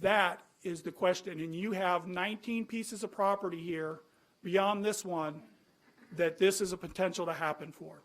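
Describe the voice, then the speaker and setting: A man from California addresses a planning commission. His voice sits high for a man, and he argues earnestly, pressing rhetorical questions and often restarting his sentences as he walks through his slides. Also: steady tone, normal speed, fairly bright tone. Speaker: citizen speaking at a planning commission. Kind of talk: public comment with slides.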